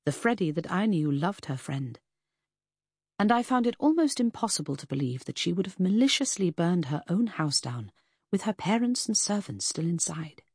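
A woman reading a first-person novel aloud in a measured, even storytelling way. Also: lowish voice, slightly rough, dry recording, studio quality. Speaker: audiobook narrator. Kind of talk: scripted first-person narration.

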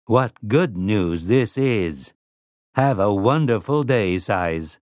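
A man's voice: fairly low pitch, expressive, slow, dry recording, studio quality. A man voicing a smug, overly polite male robot servant who speaks in formal, courtly phrasing. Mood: smug politeness.

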